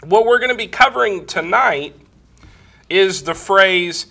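A man's voice: sits high, lively intonation, measured pace, creaky, pushed and bright. A man preaching a Bible lesson, explaining grammar step by step, congested and coughing from a cold. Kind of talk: Bible teaching sermon.

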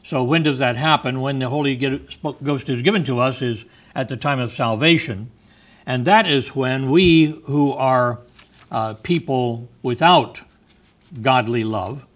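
A man leading a Bible study, explaining the meaning of words step by step. He talks at an ordinary pitch, with frequent ums and restarts as he works through each thought. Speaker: Bible teacher.

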